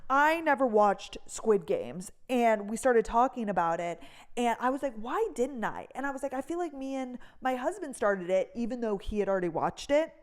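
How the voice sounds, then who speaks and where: A woman's voice: on the high side, sing-song, moderate pace. A young woman from North Dakota chatting casually in a rambling voice-memo style, filling her talk with "like". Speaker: vlogger.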